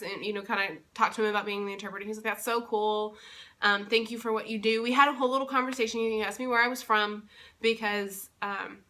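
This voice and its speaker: A woman's voice: mid-range voice, sharp tone. A young woman from Texas casually recapping a convention weekend in a vlog, enthusiastic and rambling with plenty of fillers and restarts. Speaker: vlogger and convention interpreter.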